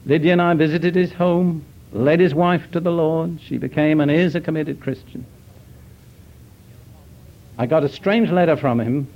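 Older male preacher, dull lo-fi sound. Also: on the high side. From Britain. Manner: earnest, measured, deliberate pauses. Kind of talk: sermon storytelling. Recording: dull lo-fi recording.

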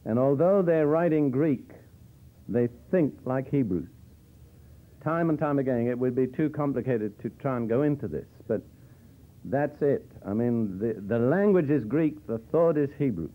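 A man's voice: medium pitch, lively intonation, moderate pace. A man teaching from the Bible in a conversational sermon style with dry humor, explaining verses as he goes. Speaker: preacher. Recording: tinny phone-like old tape.

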